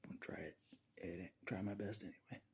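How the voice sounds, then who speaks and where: A man talking straight to the camera in a rambling casual monologue, often laughing and ranting out loud at God. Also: sits low, fairly even intonation, a little fast, breathy edge. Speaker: vlogger.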